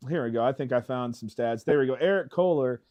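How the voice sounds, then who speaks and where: A man co-hosts a local sports radio show in a mid-range voice at a quick pace, with dull audio. Laid-back and friendly, the broadcaster reads out player stats in casual sports talk.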